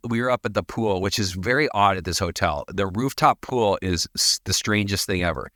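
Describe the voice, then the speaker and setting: A man's voice: low-pitched, brisk, fairly bright tone, dry recording, studio quality. A man co-hosting a podcast, talking in a laid-back, plain-spoken way. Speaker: podcast co-host. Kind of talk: casual conversation.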